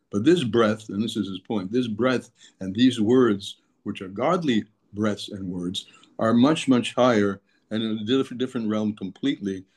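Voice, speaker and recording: A man teaching a daily text lesson, explaining patiently, restating his terms, and using for the terms he quotes. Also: lowish voice. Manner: explanatory, repeats and restates terms, mixes Hebrew terms into English. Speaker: Torah teacher.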